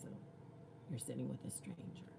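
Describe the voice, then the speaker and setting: A woman coach telling a personal story in an animated way, often dropping into hushed, whispery asides. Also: normal speed. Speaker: spiritual coach.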